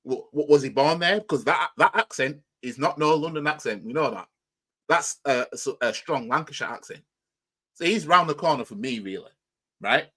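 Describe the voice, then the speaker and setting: A man's voice: fairly high pitch, lively intonation, normal speed, bright, forceful tone, husky. A man with a Yorkshire accent hosting a football reaction channel, talking in a rambling, argumentative way and firing off rhetorical questions. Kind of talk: casual reaction commentary.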